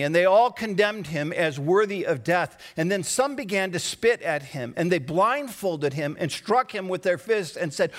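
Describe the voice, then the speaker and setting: A preacher with a high voice delivers a sermon. He drops to a hush, then rises into dramatic outbursts. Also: expressive, measured pace. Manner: dramatic, swings between hushed and raised voice. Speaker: pastor.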